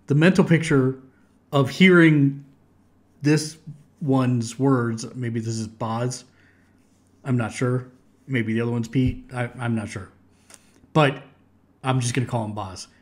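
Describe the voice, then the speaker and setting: A middle-aged American man hosting a reaction video, chatting casually with frequent restarts. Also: medium pitch. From United States. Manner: chatty, restarts sentences, laughs easily.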